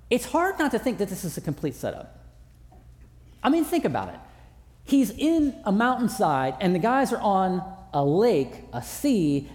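Male pastor, chatty and joking sermon style, very expressive pitch, long hall echo. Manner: conversational, self-deprecating humor. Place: large church auditorium.

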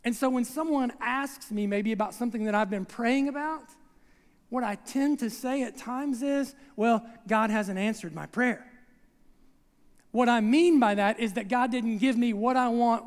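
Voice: mid-range voice, moderate pace, in a large hall. A preacher giving a conversational sermon who acts out scenes and keeps checking in with the congregation, recorded in a church sanctuary.

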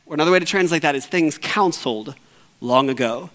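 A man preaching a sermon as pastor, earnest, sinking to hushed low tones and rising to urgent, raised appeals. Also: fairly quick, big-room sound. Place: church sanctuary.

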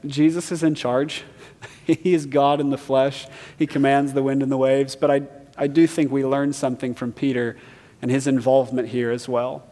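A man's voice: mid-range voice, darkish tone. A man preaching a sermon as pastor, earnest and emphatic, reading scripture aloud and explaining it. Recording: reverberant hall.

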